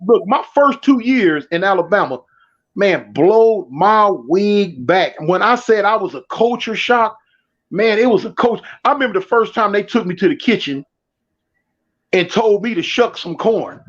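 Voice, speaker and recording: A man's voice: high voice, measured pace. A man with a Californian accent, casually telling funny stories and acting out the voices of the people in them. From Southern California. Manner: animated, laughing, acts out quoted voices. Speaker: storyteller guest. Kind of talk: casual storytelling. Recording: dull lo-fi stream audio.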